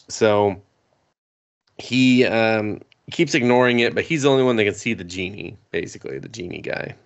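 A man co-hosting a podcast recaps an anime casually, rambling, laughing, and voicing the characters with plenty of swearing. His voice is fairly low at normal speed with frequent pauses, and the highs are cut off.

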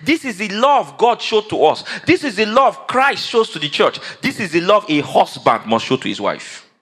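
Pastor preaching with call-and-response. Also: male voice, high voice, sing-song, normal speed, a bit bright. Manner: call-and-response preaching, acts out whiny quotes. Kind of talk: sermon.

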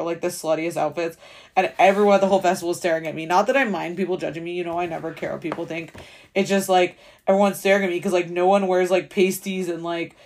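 A woman in her twenties hosting a solo podcast, rambling casually with lots of fillers and swearing. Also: fairly low pitch. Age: 20s. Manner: rambling, filler-heavy valley-girl talk with frequent swearing; fast, chatty storytelling. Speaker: podcast host.

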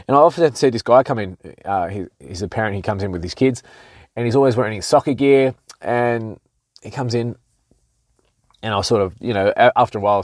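A man talks through a casual solo podcast in a low voice. His manner is candid and loose: he swears, stumbles and restarts his sentences as he goes. The recording is dry and close, with no room sound. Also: darkish tone, no room sound. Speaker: podcast host.

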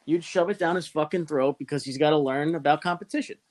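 A man's voice: fairly high pitch, fast, no room sound. A man hosting a casual chat, teasing his guest and asking blunt questions.

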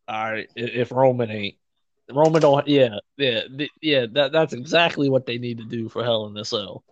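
Laughing, excitable man, dry lo-fi sound. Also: mid-range voice, normal speed, dry recording. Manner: excitable, laughs often, profane slang. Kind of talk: casual wrestling chat.

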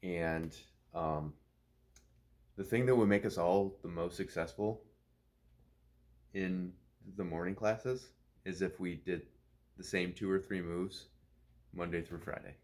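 A man co-hosting a podcast, speaking in a measured, reflective way in casual chat. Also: deep voice, darkish tone. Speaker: podcast co-host.

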